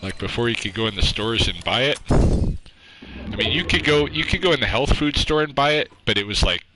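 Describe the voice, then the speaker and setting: A man's voice: medium pitch, lively intonation, normal speed. A man chatting with his viewers on a livestream into his own microphone, rambling and self-deprecating, with lots of fillers and casual swearing. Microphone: own microphone close up. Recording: clear background noise.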